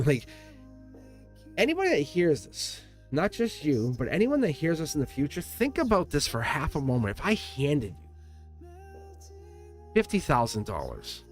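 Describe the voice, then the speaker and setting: Earnest rambling male tarot reader. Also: medium pitch. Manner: earnest, rambling, repeats phrases, self-corrects. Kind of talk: live tarot reading to viewers.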